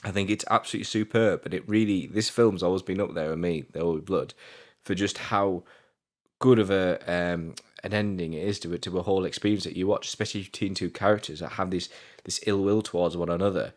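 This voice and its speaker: A man's voice: deep voice, fairly even intonation, a little fast. A British man hosting a casual film review chat, effusive and swearing often. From Britain.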